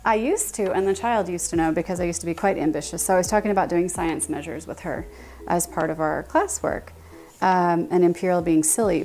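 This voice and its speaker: A woman's voice: fairly low pitch, darkish tone. Chatty woman baking on a livestream. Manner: chatty, reads and answers chat aloud, laughs often. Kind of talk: casual live-stream chat while baking. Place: home kitchen.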